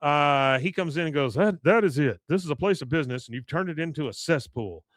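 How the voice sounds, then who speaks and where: A man's voice: a little high, lively intonation, brisk, no room sound. A man co-hosting a podcast, casually retelling a cartoon episode and quoting its characters with frequent laughs. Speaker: podcast co-host.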